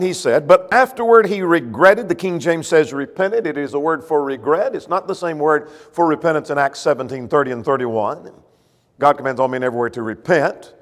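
A male preacher giving a sermon, explaining a passage step by step and asking rhetorical questions. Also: on the high side. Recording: long hall reverb.

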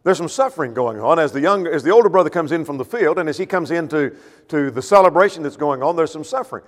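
A man preaching a sermon, with rhetorical questions and swings between loud emphasis and quiet, low asides. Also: expressive, fast, big-room sound.

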